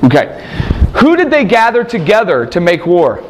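A man's voice: sits high, huge pitch swings, moderate pace, a little hiss or hum. A man teaching a Bible class, quizzing his students and joking between points. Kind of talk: classroom lecture with questions.

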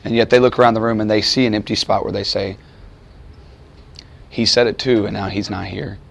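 A man's voice: lowish voice, little pitch movement, brisk, gravelly, fairly bright tone. A man preaching a sermon to a room of students, conversational and emphatic. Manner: conversational, emphatic, voices quoted figures. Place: chapel or lecture room with audience.

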